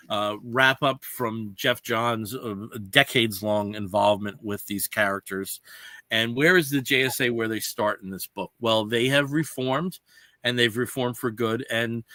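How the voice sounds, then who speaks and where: Guy hosting a comics podcast, bright forceful voice, dry close sound, rambles with lots of you knows. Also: medium pitch, dry recording. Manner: rambling, many "you know" fillers, explains comics at length. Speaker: podcast host. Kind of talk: casual chat.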